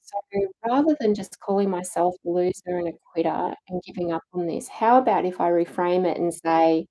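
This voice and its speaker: A woman's voice: lowish voice, moderate pace, mellow, low-quality recording. A middle-aged woman coaching a challenge group on mindset, earnest and encouraging, acting out inner self-talk.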